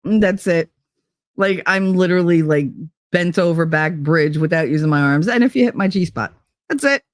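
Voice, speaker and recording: A woman's voice: on the low side, normal speed, dry recording, studio quality. A woman host, chatting casually with her live chat, bawdy and prone to giggling fits. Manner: giggly, frequent laughing fits, bawdy and loose. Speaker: livestream host reading chat.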